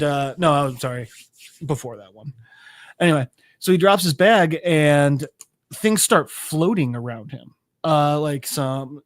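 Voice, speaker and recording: A man's voice: fairly high pitch, dry recording, clean studio sound. A man co-hosting a podcast, recapping a show casually and loosely, with plenty of fillers and swearing. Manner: rambling, loose with fillers and profanity. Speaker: podcast co-host.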